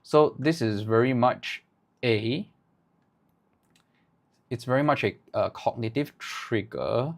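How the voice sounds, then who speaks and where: A man teaching ad writing live, thinking aloud in halting bursts and tagging his points with "right?". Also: medium pitch, creaky. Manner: halting, with many restarts. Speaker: agency owner teaching ad writing.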